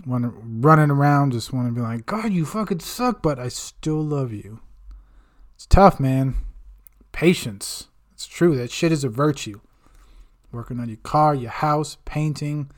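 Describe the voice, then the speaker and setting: A man's voice: mid-range voice, unhurried. Swearing, rambling male podcast host. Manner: rambling, swears a lot, self-mocking. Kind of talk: casual profane monologue.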